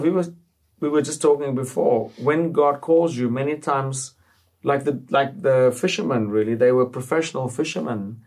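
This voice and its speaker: A man co-hosting a Christian talk show, speaking earnestly with halting restarts and fillers. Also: medium pitch, darkish tone. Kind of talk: casual faith discussion.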